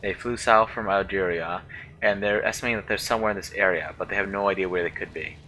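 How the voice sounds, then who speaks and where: A man's voice: sits low, steady tone, quick pace, bright, forceful tone, a little hiss or hum, rough recording. A man giving casual let's-play commentary, thinking aloud and often unsure, musing over how to pronounce words.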